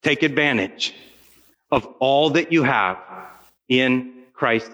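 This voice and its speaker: A middle-aged man preaching to camp students, telling a story with animated quoted voices and then praying. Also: mid-range voice, takes it slowly, long pauses, muffled recording. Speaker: camp speaker.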